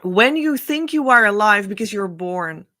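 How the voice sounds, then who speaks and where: A woman giving a heartfelt spiritual talk, earnest and rambling, often breaking into soft laughter. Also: mid-range voice, animated, moderate pace. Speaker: spiritual teacher.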